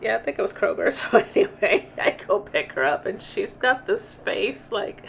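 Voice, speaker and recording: A woman's voice: medium pitch, lively intonation, moderate pace, creaky, hardly any pauses, a little hiss or hum. A middle-aged woman, chatting casually in a vlog, laughing often and breaking off mid-sentence. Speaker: vlogger.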